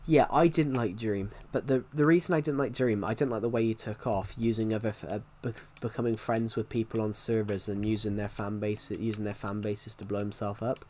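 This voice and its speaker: A man's voice: on the low side, fairly even intonation, a little mellow. A young man chatting casually on a live stream while gaming, rambling and restarting his sentences. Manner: rambling, halting, many restarts.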